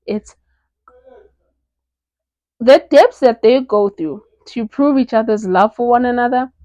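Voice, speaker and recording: A woman's voice: on the high side, takes it slowly, dry recording, lo-fi sound. A young woman from South Africa chatting casually about her favorite books. She gushes and fills her talk with lots of "like"s. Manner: gushing, animated, filler-heavy with many "like"s. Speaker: book reviewer. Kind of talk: casual book recommendation vlog.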